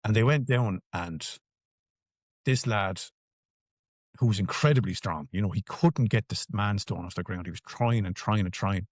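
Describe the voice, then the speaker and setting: A man's voice: lowish voice, normal speed, no echo. Irish man, interview guest, emphatic, swears, repeats for stress, dry recording. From Ireland. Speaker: podcast guest. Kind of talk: conversational interview answers.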